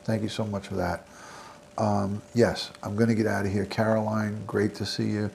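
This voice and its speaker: A middle-aged livestream host from the American South, speaking with a New York accent, signs off casually in a low, gravelly voice with a level tone and moderate pace. He rambles easily from one friendly thank-you and shout-out to chat viewers to the next. A faint hiss runs beneath the recording.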